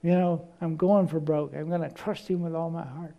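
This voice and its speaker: A man's voice: a little high, fairly even intonation, moderate pace, creaky, dull audio. A man preaching a sermon, telling stories and often repeating words as he searches for the next one.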